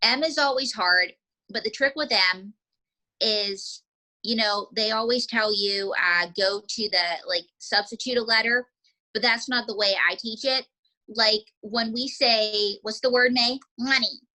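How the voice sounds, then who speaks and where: A woman's voice: on the high side, unhurried, bright, forceful tone, low-quality recording. A woman ventriloquist giving chatty, demonstrative instruction in a casual lesson. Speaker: ventriloquism teacher.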